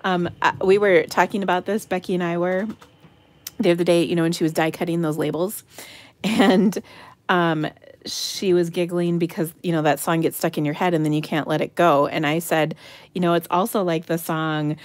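A woman's voice: on the low side, fairly even intonation, normal speed, dry recording. A middle-aged woman hosting an online craft game night, calling bingo numbers in a giggly, playful way and breaking into silly singing. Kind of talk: casual live-stream chat calling bingo. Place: home craft room.

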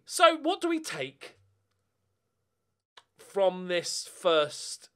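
A man giving casual commentary over a football management game, muttering and then bursting out in loud swearing. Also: fairly high pitch. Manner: swears a lot, swings from mutters to angry outbursts. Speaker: gaming YouTuber.

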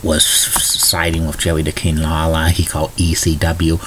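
Deep-voiced man reading a vlog news rundown. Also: monotone, moderate pace, noisy background. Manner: reads news items and trivia in a plain, chatty delivery with small restarts. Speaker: video blogger. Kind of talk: casual morning video blog with news rundown.

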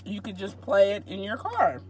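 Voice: medium pitch, big pitch swings, normal speed. A co-host of a food vlog chatting casually from inside a parked car, upbeat and praising each dish. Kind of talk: casual food-tasting chat.

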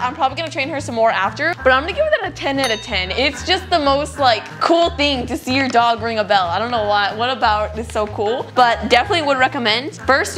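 A young woman vlogging casually, bubbly and chatty, squealing baby talk at her dog. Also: a little high. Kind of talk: casual vlog chat.

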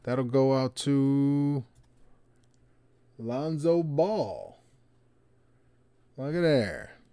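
A man hosting a card break, casually calling out players with slangy, excited remarks and muttered asides. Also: medium pitch, drawn-out words, clear, resonant tone, no room sound. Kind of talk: casual card-opening commentary.

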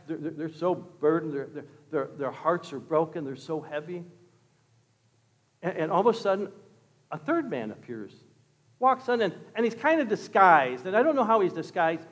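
A pastor telling a story in a sermon, swinging from loud exclamations to hushed words. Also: male voice, sits high, long reverb tail. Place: church.

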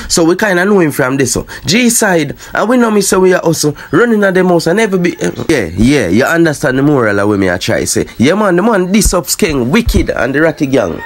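Jamaican male vlogger, lively patois commentary, pitch sits high. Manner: animated patois chatter, addresses "my viewers and sub". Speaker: dancehall news commentator. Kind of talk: casual commentary to viewers.

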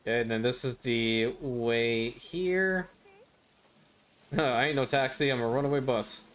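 A man hosting a gaming channel chats loosely over his gameplay, rambling with frequent fillers and chuckles. His medium-pitched voice is unhurried and fairly bright.

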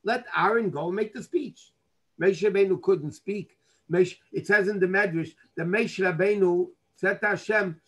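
A man's voice: high-pitched, normal speed, a bit bright, breathy edge, low-quality recording. A man, a rabbi, teaching a Torah class through earnest storytelling, dropping in Hebrew and Yiddish terms.

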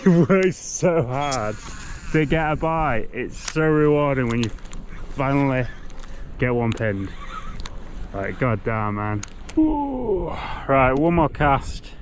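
Young male vlogger, laid-back and unhurried, mid-pitched, talks to himself while outdoors. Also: a little hiss or hum. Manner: laid-back, swears mildly, mutters to himself. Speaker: fishing vlogger. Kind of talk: casual vlog commentary. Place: outdoors on a canal bank.

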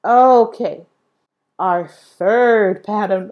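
A woman's voice: mid-range voice, big pitch swings, slightly rough, muffled recording. A young woman teaching a music lesson to small children, cheerful and encouraging, inviting them to say rhythms along with her. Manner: slow, cheerful sing-song teacher talk with call-and-response prompts.

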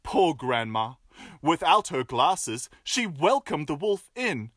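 A storyteller reading a fairy tale aloud with playful asides and expressive delivery. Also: mid-range voice, a little slow, dry recording, clean studio sound.

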